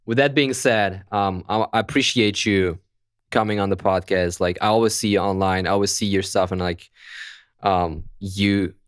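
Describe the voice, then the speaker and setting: A man with a German accent hosting a casual podcast, upbeat and halting, often repeating words as he talks. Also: low-pitched, fairly even intonation, smooth, no room sound, studio quality. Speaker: podcast host.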